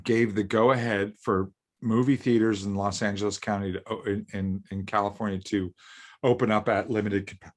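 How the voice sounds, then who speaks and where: A man co-hosting a podcast, talking casually and excitably, repeating himself and joking around. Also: fairly low pitch, moderate pace. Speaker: podcast co-host.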